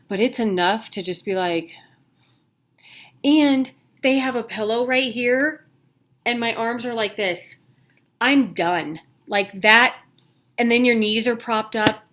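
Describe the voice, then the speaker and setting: Her voice sits a little high and fairly bright, and she speaks at a measured pace. A woman in her thirties, she's a vlogger giving her health news to the camera in a chatty, candid style with jokey asides, sounding worn out.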